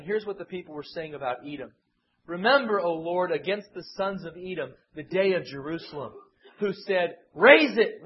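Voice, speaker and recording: A man's voice: high-pitched, husky. A man preaching an expository Bible sermon who acts out the voices he quotes with dramatic swings. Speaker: pastor. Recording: muffled lo-fi sermon recording.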